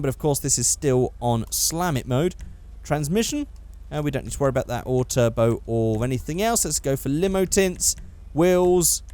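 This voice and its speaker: A man's voice: on the high side, a little mellow. A young man giving rambling, casual gameplay commentary, swearing freely and correcting himself as he goes. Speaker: gaming YouTuber.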